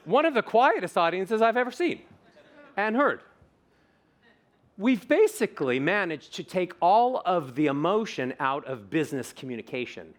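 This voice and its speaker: A middle-aged man giving an animated conference keynote as a voice coach, theatrical and demonstrative, often asking the audience questions. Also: high-pitched, moderate pace.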